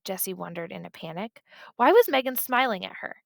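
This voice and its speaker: Woman with a gravelly voice reading a children's book. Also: fairly high pitch, big pitch swings, moderate pace, no room sound, clean studio sound. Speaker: audiobook reader. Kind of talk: scripted narration of a children's book.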